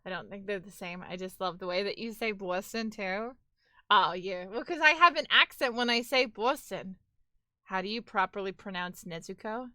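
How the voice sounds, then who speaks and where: Bright-voiced woman with a New York accent. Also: mid-range voice, moderate pace, no echo, clean studio sound. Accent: New York, Brooklyn-tinged. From near New York City. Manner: chatty, animated, swears and says "like" a lot. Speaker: live streamer. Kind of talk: casual chat with viewers. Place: home.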